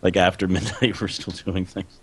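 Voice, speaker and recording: A man's voice: low voice, level tone, moderate pace, slightly rough. A man chatting casually as a podcast co-host, rambling with lots of fillers and laughing between his words. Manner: rambling, laughs mid-sentence, many "like" fillers. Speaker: podcast co-host and video creator.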